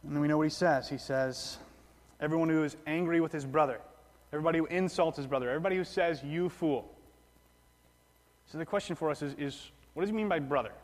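A male pastor delivers a sermon in a plain, conversational way, often going back over his words and restarting phrases. His voice sits a little high for a man. A long reverb from the hall trails each phrase. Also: fast. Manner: conversational preaching with repetitions and restarts.

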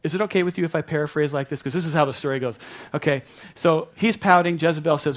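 A man's voice: fairly high pitch, fast talker. A man preaching a sermon, retelling a Bible story in a conversational way with asides to the congregation. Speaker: pastor.

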